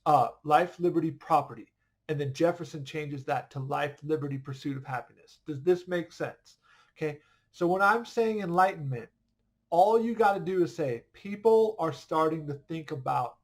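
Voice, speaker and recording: A man teaching an online history lesson in a casual, conversational way, often checking whether students follow. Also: high voice.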